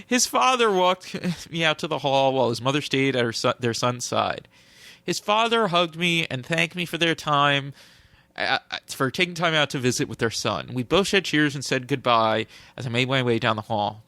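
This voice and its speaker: Lively bright-voiced man reading aloud. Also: medium pitch, moderate pace, creaky, no echo. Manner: reads aloud with mock solemnity, breaks into laughter. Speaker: podcast co-host. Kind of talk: casual podcast chat, mock-dramatic reading. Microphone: close studio mic.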